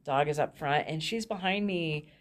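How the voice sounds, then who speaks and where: A low-voiced woman speaks at normal speed as a guest telling her life story. She is frank and candid, often laughing mid-sentence.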